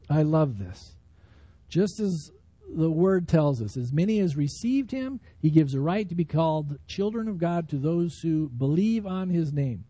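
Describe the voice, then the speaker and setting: A man's voice: on the high side, animated, moderate pace, mellow, dry recording. A man preaching a sermon in a conversational, emphatic way, reading scripture and explaining it. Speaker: pastor.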